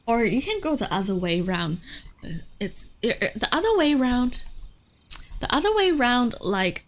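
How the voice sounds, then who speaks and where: A woman's voice: on the high side, big pitch swings, a little slow. A woman streamer giving casual advice on dogs, chatty, with lots of fillers, swearing and frequent laughter. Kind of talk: casual livestream chat.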